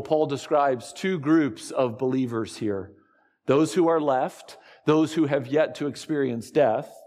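A man preaching a sermon to his congregation, slow and deliberate, with dramatic pauses. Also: medium pitch, darkish tone, long reverb tail. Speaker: pastor.

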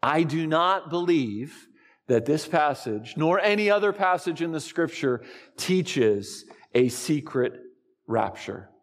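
A man preaching a sermon to his congregation, slow and deliberate, with dramatic pauses. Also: fairly high pitch, expressive, in a large hall. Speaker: pastor.

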